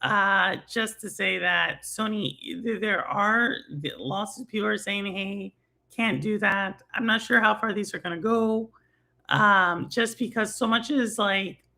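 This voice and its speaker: A woman's voice: medium pitch, unhurried, vocal fry, bright, forceful tone. A middle-aged woman from Texas with a Texan accent, hosting a casual gaming talk stream and rambling with lots of fillers and laughs. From Houston, Texas. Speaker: livestream host.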